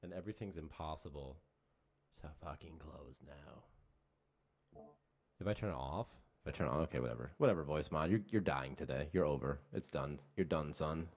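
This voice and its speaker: Brief: deep, low man, casual swearing game dev streamer, muttering frustration. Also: a little fast. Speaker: game developer on a livestream. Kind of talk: casual livestream chat. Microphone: desk microphone at a computer.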